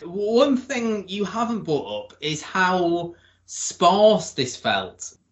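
A podcast host with a high, very animated voice draws out his words as he chats casually in a TV review podcast. He adds chuckling asides, and the recording has a roomy echo.

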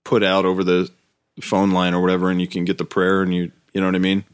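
A man's voice: deep voice, monotone, fast talker, smooth. A man in casual podcast chat, telling rambling stories and laughing often.

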